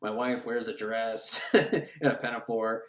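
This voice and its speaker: A man's voice: steady tone, unhurried, a bit bright. Crude, wisecracking man in an echoey room. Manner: crude, sarcastic, acts out characters in shrill voices. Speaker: podcast host recapping a film. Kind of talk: comedic film recap.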